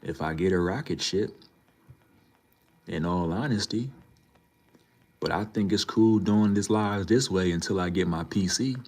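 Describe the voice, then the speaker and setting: A man with a very low voice talks to his live viewers. He lectures in an emphatic way and repeats his points again and again, in a loose and casual manner. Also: unhurried, pauses often, darkish tone. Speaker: livestreamer. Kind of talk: casual live-stream talk to chat.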